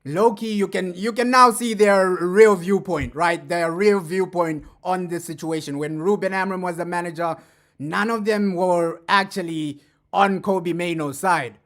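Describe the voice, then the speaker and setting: Chatty man talking football, slightly high. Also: normal speed, fairly bright tone. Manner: chatty, keeps adding "bro" and "right?". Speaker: fan streamer reacting to clips. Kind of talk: casual fan commentary.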